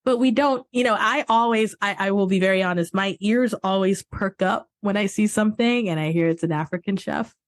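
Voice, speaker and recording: A woman's voice: mid-range voice, fairly quick, hardly any pauses, no echo. A woman hosting a podcast in casual interview chat, chatty and laughing often, with family from Cameroon. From Cameroon, English-speaking side. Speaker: podcast host.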